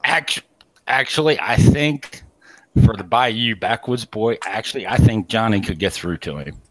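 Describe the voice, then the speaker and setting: A man hosting a casual online radio panel, steering the chat in a relaxed way with casual swearing. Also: on the low side, moderate pace, no echo, low-quality recording.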